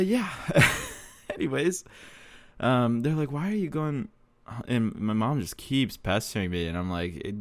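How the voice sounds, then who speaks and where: A young man with a low voice tells a casual podcast story. He rambles, swears freely and laughs at himself, recorded dry and close with no room sound. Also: no echo. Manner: rambling, profane, self-deprecating, laughs often. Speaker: podcast host.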